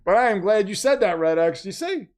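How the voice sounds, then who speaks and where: A man hosting a casual livestream and reading viewer messages, talkative, keyed up and nervous, swinging from loud to quiet. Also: high voice, a little fast. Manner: excitable, talkative, jumps between loud and quiet. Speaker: livestream host reading super chats.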